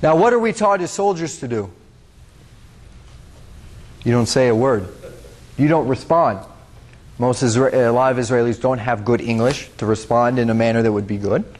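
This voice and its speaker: A young man from the United States giving a public talk as a guest speaker. He tells a story in an earnest, conversational way, speaks straight to the audience and often fills pauses with "uh". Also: medium pitch, a little mellow. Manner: earnest, conversational, talks to the audience directly, with frequent fillers.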